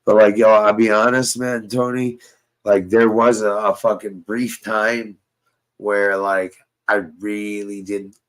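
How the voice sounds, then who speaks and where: Slow, profane rambling young man. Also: on the low side, level tone, rough recording. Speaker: host. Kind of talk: casual chat.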